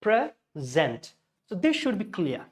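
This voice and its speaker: A man's voice: sits high, lively intonation, moderate pace. A man teaching a pronunciation class, explaining step by step, dropping in Hindi glosses and correcting himself as he goes. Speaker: English teacher. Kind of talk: classroom lesson.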